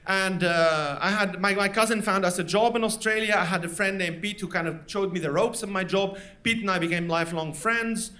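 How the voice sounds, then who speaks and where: A man from Lebanon, doing a stand-up comedy set in a live venue with lively, animated storytelling. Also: high-pitched, fairly quick, hardly any pauses. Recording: live stage recording, loud audience laughter.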